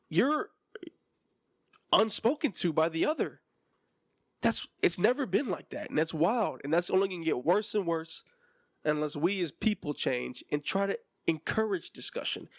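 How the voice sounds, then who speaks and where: A man's voice: on the high side, no echo, clean studio sound. A man in his twenties hosting a solo podcast and ranting with passion and emphasis. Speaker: podcast host.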